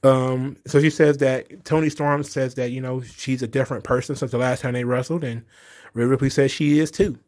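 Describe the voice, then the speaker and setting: A man giving a casual spoken recap of a show, blunt and excitable, swearing freely and filling gaps with "you know". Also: medium pitch, moderate pace. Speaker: wrestling show reviewer.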